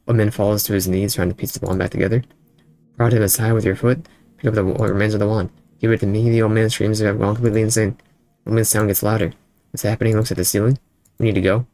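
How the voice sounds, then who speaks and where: A man's voice: lowish voice, flat delivery, rapid-fire, a little mellow, slight background noise. A male streamer reading a text game aloud in his own voice, with casual asides between the lines.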